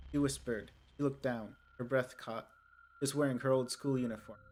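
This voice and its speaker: A man playing a visual novel, reading its narration and dialogue aloud with quick asides of his own. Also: mid-range voice, fairly even intonation, a little mellow. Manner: reads dialogue lines and narration plainly, with asides. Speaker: game streamer.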